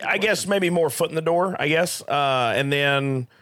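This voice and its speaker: Man, rodeo announcer guest, casual podcast talk, bright tone, dry close sound, loose and hesitant. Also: fairly high pitch, a little slow, dry recording. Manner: relaxed, hesitant with many fillers and small laughs.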